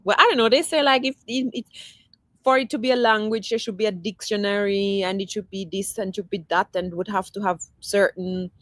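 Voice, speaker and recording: A woman's voice: medium pitch, fairly even intonation, brisk, no room sound. A woman hosting a casual livestream, chatting loosely and answering viewer comments, often restarting her sentences. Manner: rambling, with many restarts. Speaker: livestream host.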